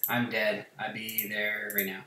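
A man's voice: lowish voice, monotone, measured pace, sharp tone, a little hiss or hum. Rambling, profane man in an echoey room. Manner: rambling, profane, self-mocking. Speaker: gaming channel host. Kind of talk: casual chat while playing a game.

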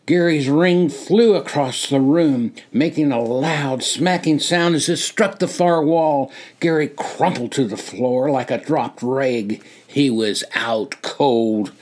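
An older man reading his own memoir aloud, slow and deliberate, rising for dramatic moments and dropping to a hush. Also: medium pitch. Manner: slow, deliberate storytelling with dramatic rises and hushed drops. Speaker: memoir narrator.

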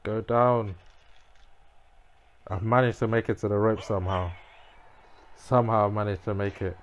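A man giving muttered, reactive commentary as he plays a wrestling game, now and then breaking into frustrated shouts. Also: fairly low pitch, fairly even intonation, moderate pace, muffled recording, slight background noise. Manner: reactive, muttering to himself, bursts of frustrated yelling. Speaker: gamer playing a wrestling game. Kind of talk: live gameplay commentary.

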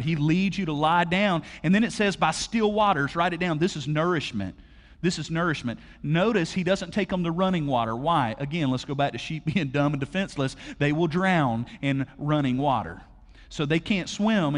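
Preacher, energetic and conversational. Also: male voice, on the high side. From Alabama, USA. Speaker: pastor. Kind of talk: sermon. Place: large church auditorium. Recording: long hall reverb.

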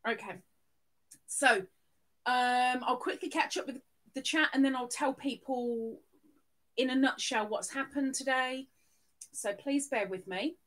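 A woman's voice: sits high, unhurried, pauses often, fairly bright tone. A woman hosting a casual live stream, chatting and greeting viewers by name. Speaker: livestream host.

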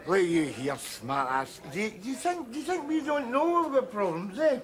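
A mouthy drunk. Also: male voice, high-pitched, big pitch swings, normal speed. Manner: combative, stammering rants. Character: belligerent middle-aged drunk man, mouthy and cynical. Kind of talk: TV sitcom acting.

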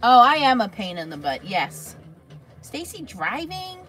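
A woman's voice: on the high side, wildly swooping pitch, a little slow, fairly bright tone, faint music behind. A woman hosting a crafting livestream, chatting casually and answering viewers' comments by name.

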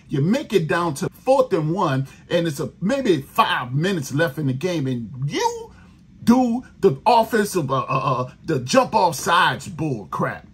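A man's voice: a little high, slightly rough. A man, hosting a sports podcast, venting in a profane, exasperated rant about his team. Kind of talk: angry fan rant.

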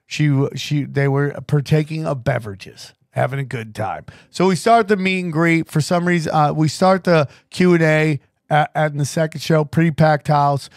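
A man hosting a podcast, telling a road story in an animated way with frequent restarts. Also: fairly high pitch, moderate pace, few pauses, no echo, studio quality. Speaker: podcast host. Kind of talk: casual storytelling chat.

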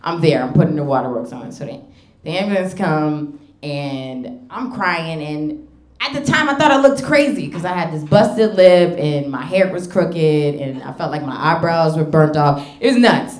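A young adult woman doing stand-up comedy, telling a story in an animated way and laughing through her lines. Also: low-pitched, normal speed, roomy sound. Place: comedy club stage.

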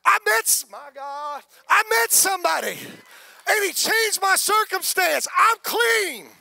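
An overjoyed healed leper cries out at the top of his lungs in a high, strained voice, as a Southern US preacher acts him out. He sounds sharp and bright, raw with the force of his shouting. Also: big pitch swings, unhurried, gravelly, no echo, full character voice. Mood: exultant. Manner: shouting in joy.

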